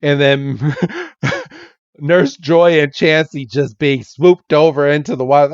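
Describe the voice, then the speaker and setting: A man with a fairly high voice recaps a cartoon at an unhurried pace, dropping into silly voices for the characters. The mic sounds dull and dry, with no room around it. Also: steady tone, clear, resonant tone, no room sound. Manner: acts out characters' lines in goofy voices, laughs often. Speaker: podcast co-host. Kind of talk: casual episode recap.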